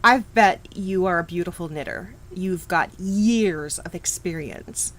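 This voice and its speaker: A woman's voice: on the low side, a little slow, a bit bright, low-quality recording. A middle-aged woman hosting a live knitting stream, chatting casually, reacting to viewers and laughing often. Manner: chatty, reacts to chat, frequent restarts and laughs.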